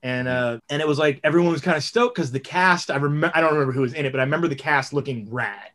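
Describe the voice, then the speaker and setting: A man's voice: fairly high pitch, fast. A man in his thirties telling rambling, profane stories on a casual podcast chat. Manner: rambling, profane, animated storytelling. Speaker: podcast co-host.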